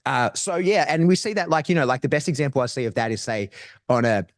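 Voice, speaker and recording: A man who trains dogs guests on a podcast, talking in a casual, slang-filled explanatory way with lots of restarted phrases. His mid-range voice is expressive and fast, recorded clean in a studio with no room sound.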